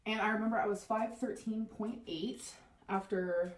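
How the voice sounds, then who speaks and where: A woman's voice: mid-range voice, steady tone, moderate pace, a little hiss or hum. Rambling woman vlogging to camera. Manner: rambling, repeats herself. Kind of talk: casual vlog talk to camera.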